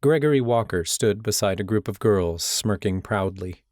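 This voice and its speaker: A man's voice: deep voice, steady tone, a little slow, a little mellow, dry recording, clean studio sound. A young man narrating a first-person audiobook in a brooding, intense way.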